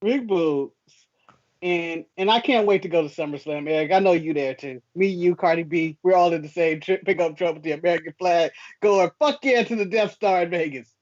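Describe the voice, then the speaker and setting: A man's voice: a little high, a little fast, darkish tone, highs cut off. A man co-hosting a wrestling podcast, joking and teasing the others. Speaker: podcast co-host. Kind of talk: casual wrestling chat.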